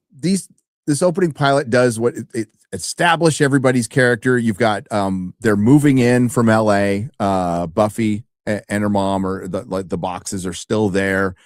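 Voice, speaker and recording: Man, casual rambling chat, lowish voice, dry close sound. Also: measured pace, no room sound. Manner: rambling, animated, swearing. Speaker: co-host of a review stream.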